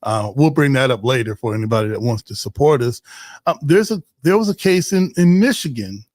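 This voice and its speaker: A man talks through a community livestream in a loose, joking way, shouting out viewers in the chat and stumbling through fillers as he goes. His mid-range voice sits close to the mic with no room sound at all. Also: mid-range voice, animated, fairly quick, no echo. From Ohio. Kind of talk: casual livestream chat, reading viewer comments.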